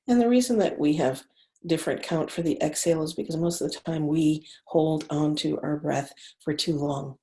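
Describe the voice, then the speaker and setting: A woman leading an online class over a video call, gently guiding breathing and counting the breaths aloud in a soothing way. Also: low voice, normal speed. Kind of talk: guided breathing and laughter class.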